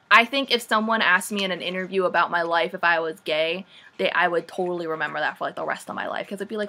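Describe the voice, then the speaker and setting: A young woman recapping a book in a casual vlog, sarcastic and animated, saying "like" a lot. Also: on the low side, quick pace. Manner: sarcastic, says "like" often, animated. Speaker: vlogger.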